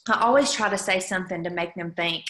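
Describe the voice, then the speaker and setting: A woman's voice: lowish voice, fast, sharp tone, reverberant. A woman leading her sales team on a video call, chatty and upbeat, with frequent asides to her listeners. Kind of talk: casual coaching talk on a video call. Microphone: video call microphone.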